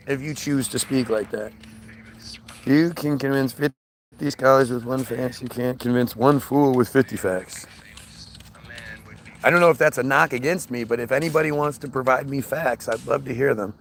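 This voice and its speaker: Gravelly man ranting with stammered restarts. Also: mid-range voice, moderate pace, slight background noise. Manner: profane, emphatic, with frequent restarts and stammers. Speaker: podcast host. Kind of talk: casual ranting monologue.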